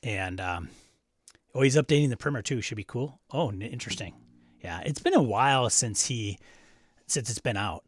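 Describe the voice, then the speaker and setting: A man with a Wisconsin accent hosts a casual livestream, chatting with his viewers and tossing in quick asides. His voice sits at an ordinary middle pitch. The sound is dry and close, with no room echo. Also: animated, husky. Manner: chatty, answering viewer chat aloud. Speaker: host.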